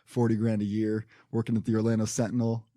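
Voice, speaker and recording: Fast-talking rambling guest man. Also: fairly low pitch, monotone, warm tone, no echo, studio quality. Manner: fast, rambling storyteller, self-mocking. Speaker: guest, television sports reporter. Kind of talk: casual podcast interview.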